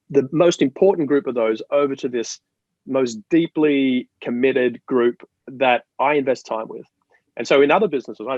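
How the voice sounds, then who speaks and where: A man from Australia, a guest in an interview, explaining ideas in an animated, storytelling way with many restarts. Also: mid-range voice, dry recording, muffled recording. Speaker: marketing guest. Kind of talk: interview conversation.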